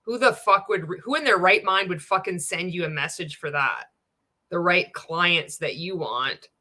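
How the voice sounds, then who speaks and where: A woman's voice: lowish voice, moderate pace, bright, forceful tone. A woman from Canada hosting a reaction video, talking in casual, sarcastic commentary full of swearing and laughter. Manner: profane, sarcastic, laughing often.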